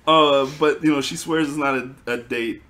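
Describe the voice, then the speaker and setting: A man chatting casually, recapping a comic in a loose, rambling way full of fillers and quick laughs. His voice sits at an ordinary pitch and carries a noticeable room echo. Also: fairly even intonation, fairly bright tone. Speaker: podcast host recapping a comic. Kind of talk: casual chat.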